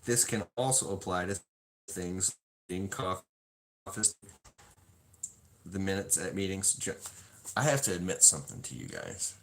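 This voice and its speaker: A self-help video host reads to his viewers from a self-help book, then drifts into a rambling, self-mocking story full of swearing. His low voice has a sing-song quality and vocal fry, with a moderate pace, long pauses and a rough recording.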